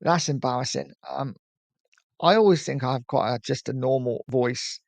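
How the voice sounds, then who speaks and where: A man's voice: mid-range voice, moderate pace, creaky, no echo. A middle-aged English man with a slight lisp, hosting a casual football live stream and chatting through viewer comments. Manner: chatty, friendly, urges viewers to like and subscribe.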